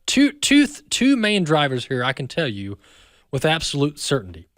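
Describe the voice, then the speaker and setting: A man's voice: medium pitch, very animated, moderate pace, fairly bright tone, no room sound, clean studio sound. A man with an American accent hosting a talk radio show, speaking emphatically and repeating words as he builds his point.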